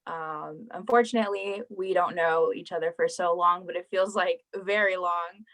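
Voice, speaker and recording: A young woman school board trustee giving tearful farewell remarks on a video call, halting and full of fillers as she cries. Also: lowish voice, steady tone, fairly bright tone, low-quality recording. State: crying.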